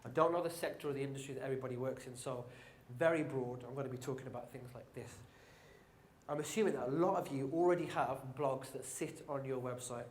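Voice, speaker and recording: Brummie man in his thirties, upbeat conference speaker, mid pitch, roomy hall with faint ambience. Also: quick pace, slight background noise. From England. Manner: upbeat, joking, addresses audience directly. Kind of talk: live marketing talk.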